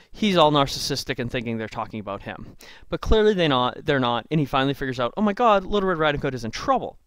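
A man's voice: a little high, fairly bright tone, clean tone, dry recording. A man retelling a fairy tale in a chatty, playful way, full of asides, recorded on a computer mic. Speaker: storyteller. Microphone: screen recording with a computer mic.

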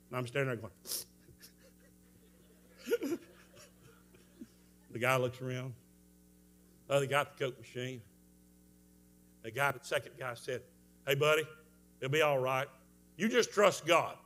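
A man preaching a revival sermon, telling a story with strong emotion, moving from hushed tones to shouts. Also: medium pitch. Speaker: evangelist preacher.

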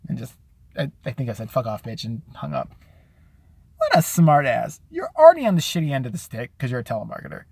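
A man live-streaming a casual rant, profane and sarcastic, who often mimics other people in a high, mocking voice. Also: huge pitch swings, brisk, vocal fry, a little mellow, breathy edge, no room sound. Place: out and about, at a store.

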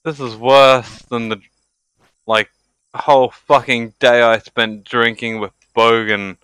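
A young man streaming a game live, tipsy from drinking, exasperated and swearing with loud outbursts. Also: mid-range voice, level tone, slow pace, clear, resonant tone, no echo.

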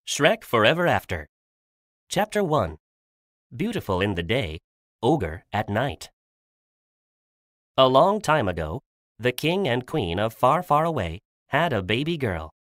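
Slow, very deep-voiced woman reading a storybook. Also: no room sound, studio quality. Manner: very lively pitch, raises her voice for quoted lines. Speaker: reader of a graded English storybook.

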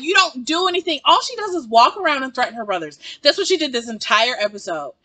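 Animated high-voiced woman ranting with laughs. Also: quick pace, dry recording. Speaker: TV episode reviewer. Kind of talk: casual reaction review.

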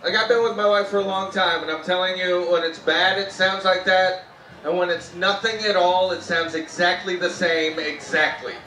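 A Canadian man performing a live stand-up set, telling animated stories about his wife and jumping into sudden high-pitched shouts when he mimics her. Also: normal speed, slight background noise. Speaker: stand-up comedian. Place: outdoor festival comedy tent. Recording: roomy live sound from a distance. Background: audience laughter and faint music.

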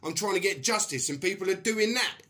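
A man's voice: sits high, lively intonation, a little fast, pushed and bright. A middle-aged man from England, ranting angrily to camera, swearing and mocking others in put-on voices. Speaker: vlogger. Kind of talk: angry personal rant to camera.

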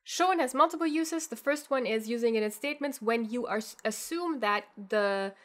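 A woman's voice: fairly high pitch, moderate pace. Woman explaining particles. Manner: casual and expressive, acting out example phrases. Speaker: German language teacher. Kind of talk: explanatory lesson, mixing English with German examples.

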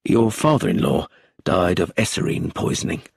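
A man reading aloud plays a methodical chief inspector in a storybook mystery, polite and businesslike. The voice is low and husky, and the recording is dry and close. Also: very animated, moderate pace, dry recording, full character voice. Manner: polite, matter-of-fact questioning.

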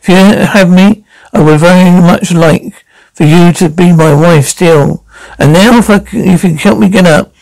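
An awkward, earnest middle-aged husband, played by a man stumbles through his words in halting, stammering bits. His voice sits a little high and carries a gravelly fry. The sound is dry and close, as in an audio drama. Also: darkish tone, no echo, low-quality recording.

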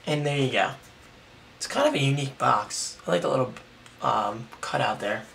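A young man with a hoarse, raspy voice, excitedly rambling through a casual unboxing vlog. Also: medium pitch, normal speed, distant mic, slight background noise. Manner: excited, rambling, self-deprecating. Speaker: tech vlogger.

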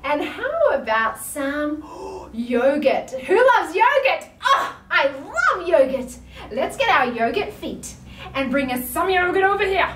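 A high, lively Australian woman guides little children through an online yoga class, her voice leaping about in a playful sing-song and broken up by big gasps of surprise. She talks slowly and carefully, from some distance off in an echoey room, with faint ambience behind her. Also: a little hiss or hum. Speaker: kids' yoga teacher.

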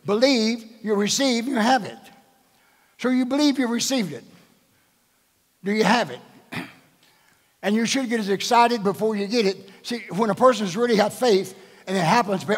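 Older man preaching, high voice, echoing hall. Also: moderate pace, pauses often. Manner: animated preaching with rhetorical questions to the congregation. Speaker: bishop preaching. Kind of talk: sermon. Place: large church at a live service.

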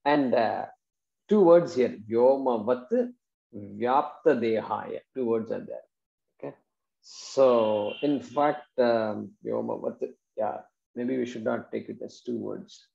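Pausing often to make sure his students are following, this Vedanta teacher works patiently through Sanskrit verses. His medium-pitched voice is gravelly and mellow, and the dull recording echoes like a classroom.

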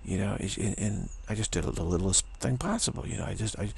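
A man's voice: sits low, brisk, vocal fry, a little hiss or hum. A man telling a spiritual story in a rambling way, repeating himself and restarting often, with a sore throat. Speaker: spiritual teacher. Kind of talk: casual spoken reflection.

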